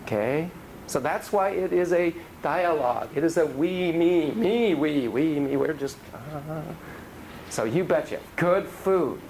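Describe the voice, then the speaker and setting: A man's voice: on the high side, lively intonation, a little slow, darkish tone, a little hiss or hum, poor audio. A man giving a casual, joking lecture on child psychotherapy to a class, acting out dialogue in different voices.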